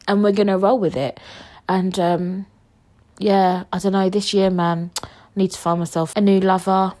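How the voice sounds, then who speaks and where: Animated cheeky woman podcaster. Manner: animated, swinging from loud outbursts to low mutters; joking, swearing, cheeky. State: queasy from food poisoning. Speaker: podcast host. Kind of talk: storytime monologue.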